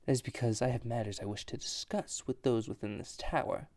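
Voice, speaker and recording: A man voicing a grave, formal older male villain, speaking slowly and deliberately. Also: medium pitch, darkish tone, no room sound, natural voice.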